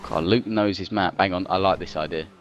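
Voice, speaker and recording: A young man chatting casually while playing a game with a friend, playful and joking in quick banter. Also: deep voice, steady tone, highs cut off, soft background music. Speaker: co-player. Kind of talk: casual gameplay chat.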